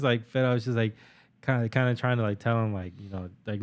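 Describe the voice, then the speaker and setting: A man's voice: fairly low pitch, fairly even intonation, fast talker, clear, resonant tone. A young man co-hosting a podcast, telling stories in a rambling, profane casual chat with many fillers. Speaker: podcast co-host.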